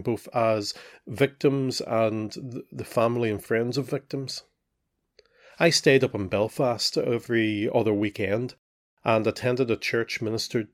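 Reflective middle-aged man narrating memories. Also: mid-range voice. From Northern Ireland. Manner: reflective, measured storytelling. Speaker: podcast host. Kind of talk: scripted personal narration.

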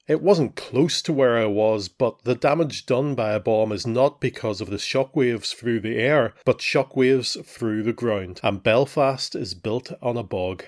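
A middle-aged podcast host from Northern Ireland reads a scripted personal account on his own show. His mid-range voice stays measured and reflective.

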